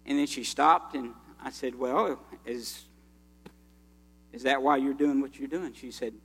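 A man's voice: medium pitch, fairly even intonation, measured pace, fairly bright tone, breathy edge. A man preaching a sermon in an earnest, folksy storytelling way. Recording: reverberant hall with mains hum.

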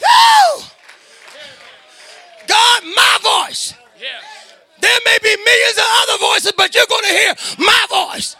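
A man preaching a fervent sermon to a congregation in a church, shouting his words and breaking into hallelujahs and amens. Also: very high-pitched, expressive, takes it slowly, pauses often, some chatter behind. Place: church sanctuary before a congregation.

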